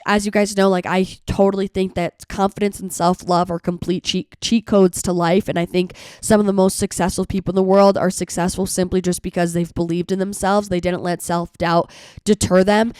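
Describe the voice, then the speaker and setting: A young woman hosting her own solo podcast, a little hoarse from being sick, talking in an earnest, chatty way with lots of "like". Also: mid-range voice, darkish tone, dry recording, clean studio sound. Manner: chatty, earnest, heavy use of "like". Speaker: podcast host. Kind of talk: solo motivational podcast talk.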